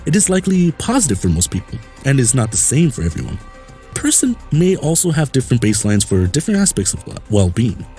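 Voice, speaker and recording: A male podcast host talks his way through a loose, crude comedy monologue, wandering off on tangents. His pitch swings up and down lively, with a little music faint behind him. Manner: rambling, crude and jokey, slipping into silly voices and laughs.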